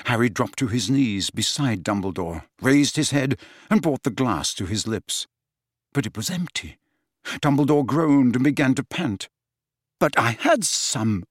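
A male narrator reads an audiobook with dramatic expression. His pitch sits in the middle of the range but swings freely. The recording is dry and close to the mic. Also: expressive, normal speed, no echo. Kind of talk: scripted narration.

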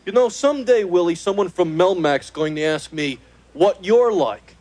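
A man voicing a cocky, cheeky male alien in a sitcom, with a nasal, gravelly voice and brash, joking comebacks. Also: high-pitched, expressive, normal speed, darkish tone. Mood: wisecracking. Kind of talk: sitcom acting with laugh track.

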